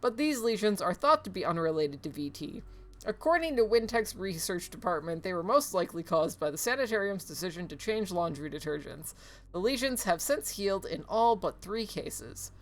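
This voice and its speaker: A woman's voice: lowish voice, animated, moderate pace. A woman streamer casually commenting on a game and reading in-game emails aloud, with sarcastic asides and frequent laughter.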